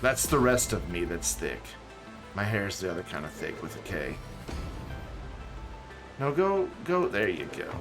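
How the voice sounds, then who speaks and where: A man live-streaming a building game, chatting in a rambling, easygoing way. His pitch swings a lot as he talks. Music plays clearly under his voice. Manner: chatty, rambling, reads chat aloud. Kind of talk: casual live-stream chat while gaming. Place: home room with background music. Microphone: desk mic and webcam.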